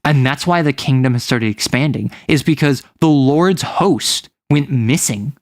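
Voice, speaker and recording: A man's voice: medium pitch, measured pace, no echo, studio quality. A man chatting casually as a game master, rambling and self-correcting, with lots of "like" as filler. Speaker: game master recounting a campaign. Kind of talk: casual chat.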